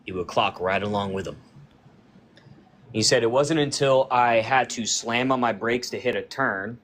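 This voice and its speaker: A man who is a podcast guest, casually retelling a friend's encounter in a loose, conversational way and acting out the dialogue. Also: fairly low pitch. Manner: loose and conversational, with frequent "like" fillers. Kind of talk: casual storytelling.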